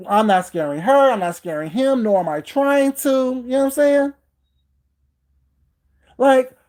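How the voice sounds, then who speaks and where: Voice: mid-range voice, a little mellow. A livestream host delivering a heated, confrontational rant, repeating points and breaking off to greet viewers by name.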